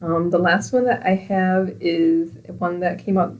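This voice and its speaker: A woman co-hosting a library podcast, talking casually about a book she reread, relaxed and attentive. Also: on the low side, measured pace, lo-fi sound. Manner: attentive listener, frequent backchannels, relaxed. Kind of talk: casual book recommendation chat.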